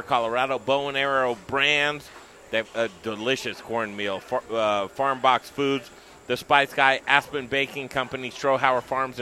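A man hosting a food show on location, upbeat and chatty, even talking with his mouth full. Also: medium pitch. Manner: upbeat, talks while eating.

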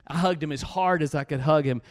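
A man preaches a sermon, telling a story with animated shifts between loud bursts and low, earnest pleas. He talks a little fast, and there's a long reverb tail.

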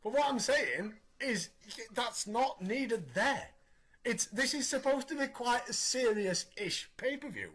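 High-voiced man in his thirties hosting. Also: unhurried, breathy edge. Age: 30s. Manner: animated, opinionated recapping. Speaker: podcast host. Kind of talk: casual podcast chat.

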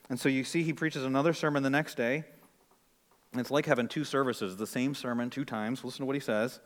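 A male pastor from the northern US preaching a sermon, moving from quiet explanation to loud, urgent exhortation. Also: fairly high pitch, in a large hall.

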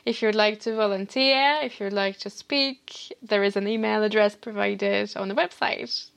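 Gravelly-voiced Russian-born woman guest. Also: medium pitch, fairly even intonation, moderate pace, a bit bright. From Moscow, Russia. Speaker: guest, space event organiser. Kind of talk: interview answers.

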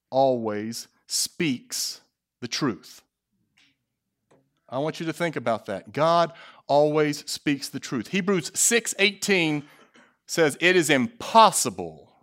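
A man preaching a sermon, his voice a little higher than most men's. He slows down hard on key lines and keeps asking the congregation questions. He throws in jokey asides. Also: fairly bright tone. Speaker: pastor.

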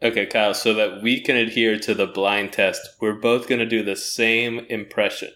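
A man co-hosting a comedy podcast with a bright, clear voice. He jokes freely and laughs easily while chatting with his friends. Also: fairly low pitch, level tone. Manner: joking, quick to laugh. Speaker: podcast co-host. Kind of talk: casual comedic banter.

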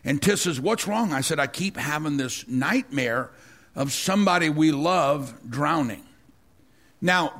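A man's voice: on the high side, a bit bright. A middle-aged man preaching a sermon, telling a personal story with frequent stammers, repeated words and restarts. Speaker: pastor.

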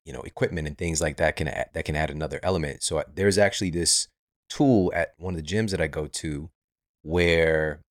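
Man, podcast host, very low voice, dry close sound, relaxed curious questions. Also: fairly quick, no room sound. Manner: relaxed, curious, affirming interviewer. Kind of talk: podcast interview conversation.

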